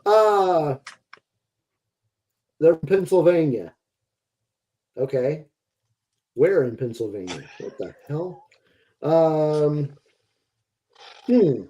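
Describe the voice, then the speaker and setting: Male podcast host, casual and rambling, self-mocking; slightly high, very animated pitch, mellow tone. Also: drawn-out words, pauses often.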